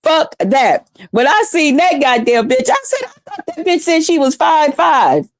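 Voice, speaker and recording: A woman hosting a live stream, ranting in a blunt, profane, mocking way with drawn-out emphasis. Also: high voice, sing-song, no echo, studio quality.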